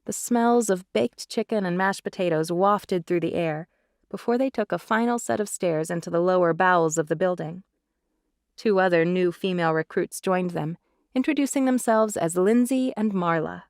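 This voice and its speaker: A woman narrating a romance audiobook in an even, measured read on a close mic. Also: on the low side, dry recording.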